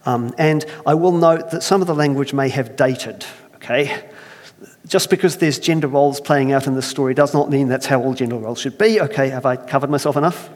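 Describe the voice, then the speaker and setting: A man's voice: a little high, lively intonation. Male pastor telling a story in a hall. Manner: self-deprecating, conversational, slow storytelling. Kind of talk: sermon with storytelling.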